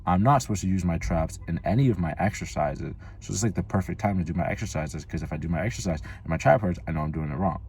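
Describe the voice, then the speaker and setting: A man's voice: deep voice, fast, few pauses, darkish tone, slightly rough. A man vlogging casually, telling a rambling story full of swearing and filler words. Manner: rambling, profane, lots of "like" fillers.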